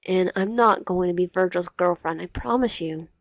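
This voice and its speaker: A woman's voice: on the low side, moderate pace, dry recording, clean studio sound, close to an everyday voice. A woman voicing a frightened teenage protagonist who pushes back in a raised voice. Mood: alarmed. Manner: alarmed, raised voice.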